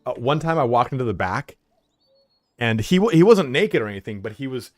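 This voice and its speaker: A man's voice: medium pitch, big pitch swings, fairly quick, no room sound, clean studio sound, faint music behind. A young man streaming from home, chatting casually and telling rambling stories with lots of swearing and filler words. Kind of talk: casual livestream chat.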